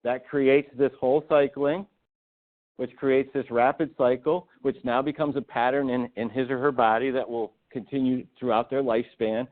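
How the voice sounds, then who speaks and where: A man's voice: medium pitch, steady tone, moderate pace. A man giving a continuing-education talk to physical therapists, emphatic and full of rhetorical questions. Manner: emphatic, rhetorical questions, acts out patient quotes. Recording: tinny phone-like webinar audio.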